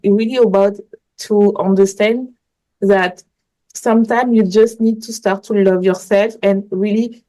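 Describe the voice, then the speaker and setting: Woman guest, mid-range pitch, soft mellow tone, earnest and rambling. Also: fairly even intonation, measured pace, poor audio. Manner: earnest, rambling storytelling in non-native English. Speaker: manifestation coach, podcast guest. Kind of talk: casual interview chat.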